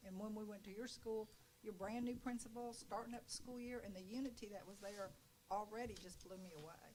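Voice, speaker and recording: Enthusiastic board member over room noise. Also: female voice, medium pitch, steady tone, darkish tone, low-quality recording. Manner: enthusiastic, halting, admiring. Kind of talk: public meeting remarks.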